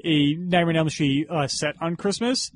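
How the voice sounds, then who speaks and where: New york guy on a movie podcast, slightly higher voice, rambles through trivia. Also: moderate pace, dry recording. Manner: rambling, trivia-heavy, hesitant restarts. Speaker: podcast co-host. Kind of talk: casual film review chat.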